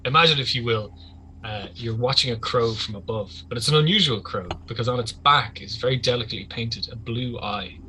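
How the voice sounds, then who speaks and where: Male game master, bright, sharp tone, chatty vivid narration, faint hum. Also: mid-range voice, fairly quick, rough recording.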